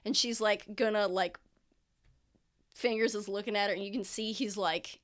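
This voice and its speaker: A woman's voice: medium pitch, steady tone, moderate pace, fairly bright tone. Casual woman game master. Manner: casual, full of fillers. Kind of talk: narrating a tabletop game.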